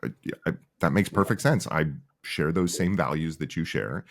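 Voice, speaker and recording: This middle-aged man has a rumbling low voice with vocal fry and a moderate pace. As a company founder in a relaxed interview, he tells lively stories and performs the voices of the people he quotes.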